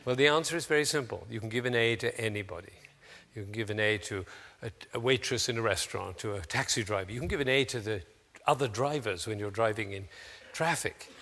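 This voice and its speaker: A man speaking to an audience of teachers, theatrical and animated, acting out the people he quotes in sudden high voices. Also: fairly quick, long reverb tail.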